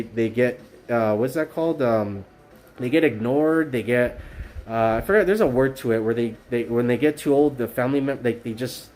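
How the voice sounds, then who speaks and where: A man's voice: mid-range voice, a little mellow. A man livestreaming from his phone, talking earnestly in a rambling way, with lots of fillers, restarts and repetition. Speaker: streamer. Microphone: cell phone.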